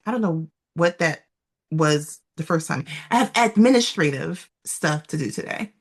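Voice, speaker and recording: A woman's voice: sits low, animated, normal speed. A woman co-hosting a podcast in casual chat, chatty and laughing often, trailing off with fillers. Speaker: podcast co-host.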